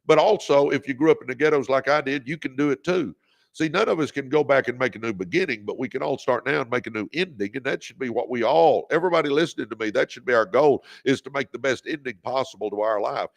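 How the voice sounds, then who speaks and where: Man host, gravel in the voice, preachy motivational livestream delivery. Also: medium pitch, quick pace. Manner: preachy, exhorting, leads call-and-response; reads out viewer comments. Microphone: phone or webcam on a livestream.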